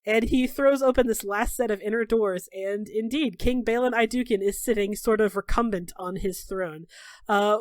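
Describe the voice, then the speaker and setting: A woman's voice: mid-range voice, no echo. Female game master, casual storyteller, dry and close. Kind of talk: narrating a tabletop game.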